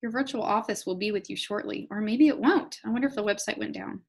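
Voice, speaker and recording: A woman's voice: mid-range voice, quick pace, vocal fry. A woman leading a live online business training, chatty, upbeat and encouraging, talking straight to her audience. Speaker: network marketing trainer.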